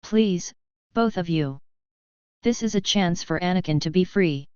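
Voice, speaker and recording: A loving mother who chooses her words with care, read by a woman. Her low voice is very smooth and clear, and the recording is dull with a dry, close sound. It is a storybook reading. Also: unhurried, no room sound, lightly acted. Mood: tender. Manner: careful gentle. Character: loving careful mother, middle-aged woman.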